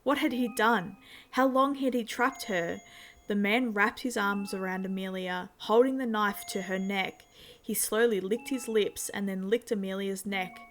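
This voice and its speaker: A woman narrating a horror story in a measured, steady storytelling manner. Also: medium pitch.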